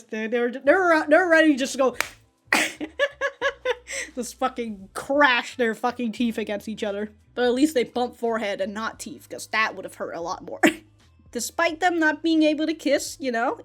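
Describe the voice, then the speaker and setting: Laughing a lot and cursing without restraint, a woman gives a casual, excited reaction to an anime and keeps addressing everyone as "dude." Her pitch is fairly high.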